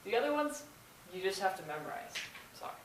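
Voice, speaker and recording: A woman's voice: mid-range voice, big pitch swings, fast talker. A young woman teaching grammar, explaining the rules patiently, step by step. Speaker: Spanish teacher. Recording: echoey room, faint noise.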